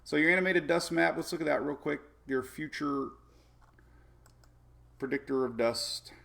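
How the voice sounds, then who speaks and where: A man's voice: fairly high pitch, normal speed, gravelly, pushed and bright. A man hosting a casual live weather show, rambling and chatty with many fillers and frequent laughs.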